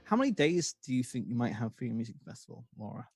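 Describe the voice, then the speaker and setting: A man's voice: medium pitch, very animated, fast talker, creaky, darkish tone, breathy edge, soft background music. Giggly man hosting a podcast. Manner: giggly, laughs often. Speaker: podcast host. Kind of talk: casual podcast interview.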